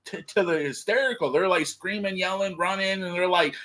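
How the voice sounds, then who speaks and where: A man's voice: high voice, brisk, bright, forceful tone. Casual male co-host, rambling, filler-heavy talk. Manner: rambling, filler-heavy, says "like" and "dude" often. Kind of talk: casual livestream chat.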